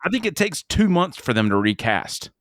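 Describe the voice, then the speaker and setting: A man co-hosting a casual movie review podcast, rambling and animated, breaking into mocking impressions. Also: a little high, moderate pace, no room sound, clean studio sound. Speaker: podcast co-host.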